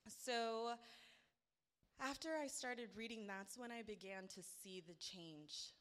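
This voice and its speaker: A woman's voice: mid-range voice, moderate pace, a bit bright, smooth. A woman giving a heartfelt personal testimony at church, speaking earnestly and building to emphatic praise.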